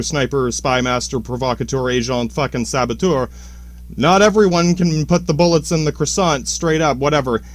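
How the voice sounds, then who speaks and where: A man hosting a podcast, ranting casually about history in a profane, rambling and jokey way. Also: on the high side. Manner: profane, rambling, jokey with sudden excited outbursts. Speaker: podcast host.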